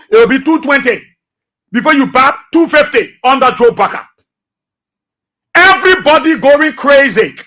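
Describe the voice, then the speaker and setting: A man's voice: very high-pitched, bright, forceful tone. A man with a Liberian English accent hosting political talk radio, passionate and repeating phrases for emphasis.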